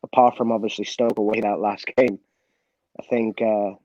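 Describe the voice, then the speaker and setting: A former footballer being interviewed, telling a story candidly, with many restarts and quoted dialogue. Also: male voice, fairly low pitch, flat delivery, moderate pace, darkish tone, no echo, lo-fi sound.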